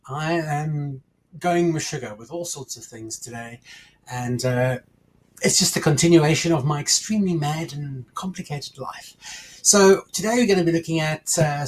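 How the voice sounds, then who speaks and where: A man's voice: a little high, breathy edge. A man hosting his own channel in a casual chat to camera, rambling and jokey, often correcting himself mid-sentence. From United Kingdom. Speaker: channel host.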